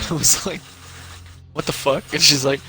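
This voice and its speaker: A man's voice: on the high side, steady tone, measured pace, sharp tone, a little hiss or hum, poor audio. A man streaming live, telling a casual, profane story full of quoted back-and-forth.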